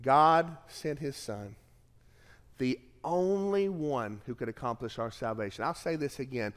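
Middle-aged male pastor, earnest sermon delivery, slightly high voice, long church reverb. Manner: earnest storytelling, swells louder on key phrases.

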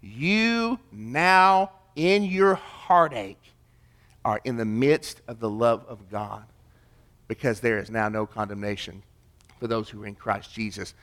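A man preaching a sermon, emphatic, swinging between loud declarations and hushed, quiet stretches. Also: medium pitch, takes it slowly. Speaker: pastor.

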